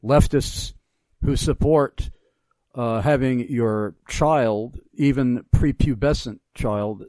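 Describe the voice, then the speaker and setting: A man's voice: mid-range voice, darkish tone, no room sound. A middle-aged man hosting a radio talk show, speaking emphatically in a preacherly way with many hesitations.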